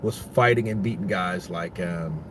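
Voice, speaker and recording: A man's voice: sits low, unhurried, noisy background. A man giving casual, rambling boxing commentary, full of profanity and restarts.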